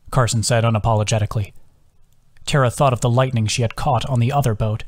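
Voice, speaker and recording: The voice is a man's, mid-pitched and steady, reading aloud from a novel he wrote himself. He narrates evenly and at a measured pace, lowering to a hush for whispered quotations.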